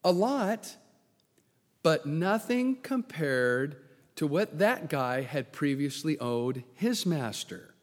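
A man preaching a sermon, swinging from loud bursts to hushed near-whispers and acting out the voices in his story. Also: fairly high pitch, very animated, slow pace. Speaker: pastor. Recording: long hall reverb.

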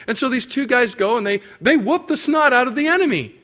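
A man preaching a sermon, acting out biblical figures' words with lively, rising emphasis. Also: brisk, few pauses. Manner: animated, acts out biblical quotes with rising pitch and emphasis. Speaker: pastor.

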